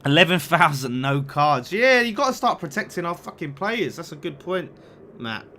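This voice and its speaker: A young man talks through a live match watchalong in a bright, forceful voice that sits a little high. He chats casually, swears freely and reacts out loud to every attack and corner. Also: sing-song, moderate pace. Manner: chatty, swears, reacts loudly to the game and reads super chats. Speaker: fan channel watchalong host.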